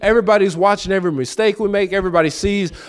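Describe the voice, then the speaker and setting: A man's voice: high-pitched, very fast. A man preaching a conversational sermon, telling stories and acting out the dialogue, often repeating key phrases for emphasis. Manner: storytelling, acting out his own and others' dialogue.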